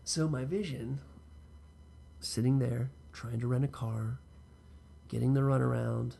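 Unhurried and warm, a man with a gravelly, fry-edged, mid-pitched voice tells a casual, profane story about himself in fairly even intonation. He speaks straight to the listener, takes detours into asides, and a faint ambient hum stays in the background.

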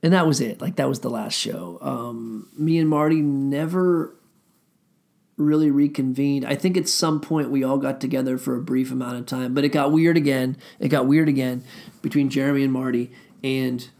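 A middle-aged man with a gravelly, creaky voice tells stories from his music days. He rambles, circles back with fillers, and swears casually, his pitch sitting in an ordinary middle range. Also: steady tone, normal speed, a little mellow. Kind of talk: casual storytelling.

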